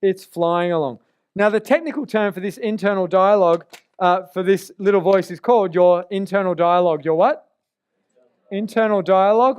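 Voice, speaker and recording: A man presenting a live seminar to an audience, energetic, drawing call-and-response answers from the room. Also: high-pitched, normal speed, clean tone.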